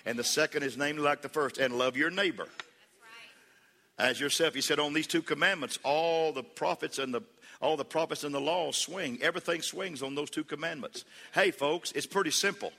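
A man preaching with a bright, ringing voice in a church hall with a long reverb tail. He builds to fervent peaks, calls on the congregation to repeat after him, and mixes in folksy humor and stories. His voice sits a little high for a man. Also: fairly quick, creaky. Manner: preaching with rising fervor, calls for congregation responses. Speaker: pastor. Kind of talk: sermon.

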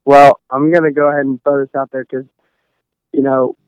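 A man's voice: medium pitch, little pitch movement, moderate pace, clean tone, no echo, lo-fi sound. A young man from Texas, a college golfer rambling casually through an interview with lots of fillers. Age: young adult. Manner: rambling, many fillers and restarts.

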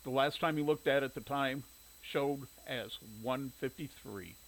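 A man reading a story aloud in steady audiobook narration. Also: mid-range voice, unhurried, gravelly, poor audio.

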